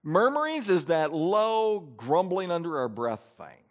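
A man preaching a sermon from an outline, acting out grumbling asides with lively energy. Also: on the high side, unhurried. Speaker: pastor.

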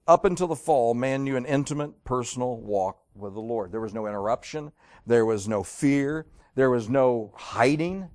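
A man preaching an evening sermon, reading old-style scripture aloud and telling stories, swinging between loud emphasis and quiet, slowed lines. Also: mid-range voice, lively intonation. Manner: reads King James verses aloud, dramatic storytelling.

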